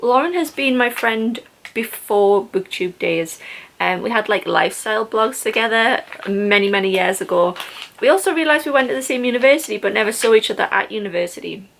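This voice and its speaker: A woman's voice: a little high, expressive, fairly quick, creaky, fairly bright tone, slight background noise. A young woman in a casual book haul vlog, talking in a gushing, enthusiastic way about gifts from friends. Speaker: book vlogger.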